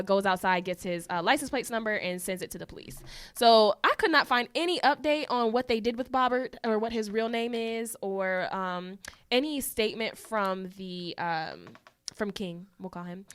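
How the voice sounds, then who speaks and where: A woman co-hosting a podcast in casual chat, an animated storyteller who swears freely. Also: medium pitch, clear, resonant tone, dry recording. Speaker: podcast co-host.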